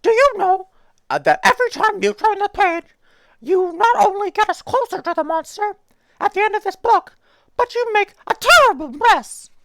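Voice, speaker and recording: Woman doing a frantic, squeaky Grover. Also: animated, normal speed, a bit bright, no room sound, full character voice. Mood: panicked. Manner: high, strained, frantic and pleading. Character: furry male monster puppet, anxious and pleading.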